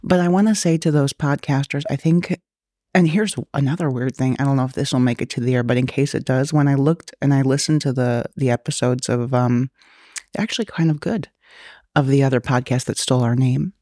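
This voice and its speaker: A woman's voice: extremely low pitch, a little fast, mellow, no echo, studio quality. Joking woman podcast host with a slight lisp. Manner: rambling, jokey, laughs often. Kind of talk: casual banter.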